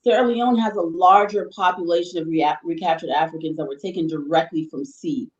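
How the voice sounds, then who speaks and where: A woman's voice: on the low side, fairly even intonation, fairly quick. Woman explaining history in a roomy room. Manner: thoughtful, explains at length with restarts. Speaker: guest presenter on history. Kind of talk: explanatory conversation. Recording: roomy, slightly dull sound.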